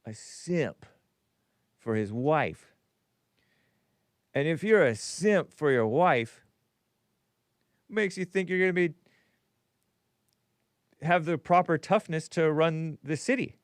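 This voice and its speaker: A man's voice: on the high side, slow, long pauses, no room sound, studio quality. Male show host, casual rambling monologue, lots of restarts, resonant voice. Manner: rambling, animated, with frequent self-interruptions and restarts. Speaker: podcast host. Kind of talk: casual talk show monologue, reading super chats.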